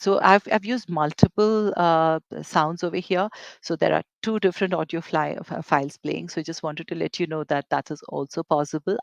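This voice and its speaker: Webinar presenter, software demo, hesitant, lots of fillers, gravelly, dry close mic. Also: mid-range voice, no echo. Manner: hesitant, many fillers and restarts. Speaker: eLearning presenter.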